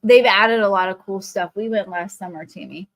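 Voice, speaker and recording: At a normal speed and in a mid-range voice, the Ohio-based host of a live craft stream chats with viewers by name as she paints, wandering into animated storytelling.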